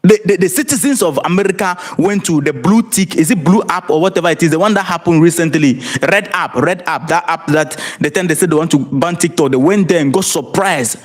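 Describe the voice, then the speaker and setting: A man's voice: a little high, a little fast, hardly any pauses. A man with a Ghanaian accent giving live-streamed political commentary, emphatic and rhetorical, often repeating words and asking viewers to comment. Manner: repeats and restarts words, laughs between points. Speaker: livestream commentator.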